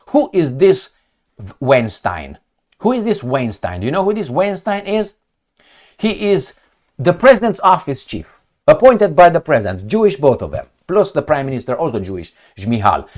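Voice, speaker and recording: A man's voice: on the high side, a little mellow. A man who reads news headlines aloud and reacts to them with sarcastic, heated mockery. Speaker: political commentator.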